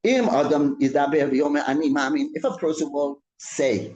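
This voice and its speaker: A rabbi teaching a Torah class. He reads Hebrew text quickly and explains it in English, repeating and restarting his phrases. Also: a little high, darkish tone, reverberant, highs cut off. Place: synagogue room.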